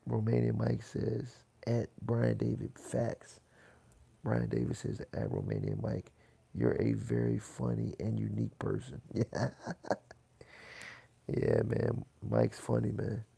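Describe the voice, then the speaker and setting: A man hosting a boxing livestream, reading chat comments aloud in a loose, swearing, casual way that turns loud when he gets riled. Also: lowish voice, big pitch swings, slow pace, vocal fry, breathy edge. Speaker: boxing channel host reading live chat.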